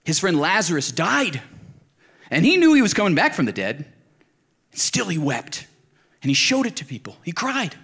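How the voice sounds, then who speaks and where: A man's voice: fairly high pitch, huge pitch swings, normal speed, long pauses, a bit bright, husky. A man from Colorado giving a casual, conversational sermon as a pastor, earnest and emphatic, speaking straight to his listeners. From Colorado, United States.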